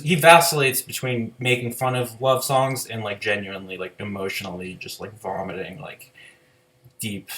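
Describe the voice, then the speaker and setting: A man's voice: fairly low pitch, a bit bright, a little hiss or hum. A man giving a casual, rambling spoken review of an album, full of "like" fillers and loose swearing.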